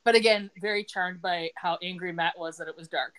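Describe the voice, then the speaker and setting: A woman's voice: on the low side, fairly even intonation, fairly quick, a bit bright, clean tone. Chatty woman recapping a show. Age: middle-aged. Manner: chatty, retells scenes with quoted lines and laughs. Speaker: podcast host recapping a TV episode. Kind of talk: casual chat.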